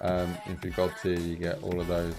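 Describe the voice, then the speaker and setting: Low gravelly man, laid-back. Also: monotone, normal speed, music in the background. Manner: rambling, laid-back, lots of fillers. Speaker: game mod developer streaming. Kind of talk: casual live-stream chat.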